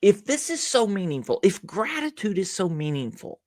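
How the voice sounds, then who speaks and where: Lively, animated man telling stories. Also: high-pitched, normal speed, dry recording, studio quality. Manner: animated storyteller who acts out little dialogues. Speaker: podcast guest, gratitude speaker. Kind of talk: conversational podcast interview.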